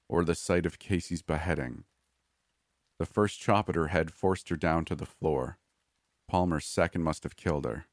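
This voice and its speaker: A man narrating a first-person horror story in a measured, grim way. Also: rumbling low, darkish tone, dry recording, clean studio sound.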